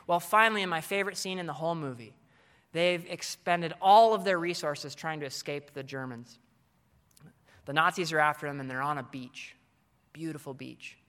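A man with a fairly high, bright, ringing voice gives advice to a room of teachers. He talks earnestly, like a coach, and stumbles into ums and restarts as he goes. His voice carries a long reverb from a large hall. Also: moderate pace. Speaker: teacher speaking to fellow educators. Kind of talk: conference talk.

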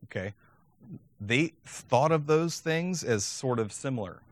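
A man's voice: medium pitch, lively intonation, a little slow, dry recording. A man giving a lecture on teaching Latin, talking conversationally and often checking in with "okay?".

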